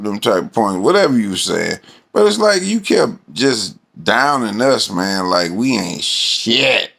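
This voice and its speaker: A man's voice: fairly low pitch, sing-song, takes it slowly, creaky, long pauses, a bit bright. A man ranting casually about his team, rambling and profane, with many fillers. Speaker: sports fan vlogger. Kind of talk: casual fan rant.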